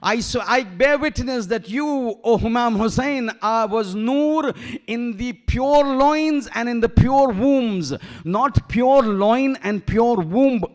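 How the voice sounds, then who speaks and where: A shaykh preaches in a mosque with a strikingly high-pitched male voice. He presses his points with rhetorical questions and drops in Arabic terms and verses as he goes. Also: takes it slowly. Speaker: shaykh giving a majlis lecture. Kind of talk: sermon.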